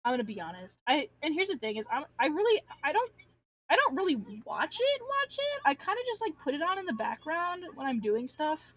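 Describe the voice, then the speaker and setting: A woman's voice: sits high, wildly swooping pitch, brisk, a bit bright, no room sound, lo-fi sound. A young adult woman chatting casually on a livestream while drawing, rambling and ranting with lots of filler and restarts. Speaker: artist streamer.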